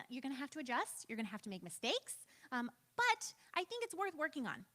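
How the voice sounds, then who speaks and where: A fairly high, fairly bright voice belongs to a woman in her thirties giving a relaxed church training talk. She chats along self-deprecatingly, her speech full of "like" and "um".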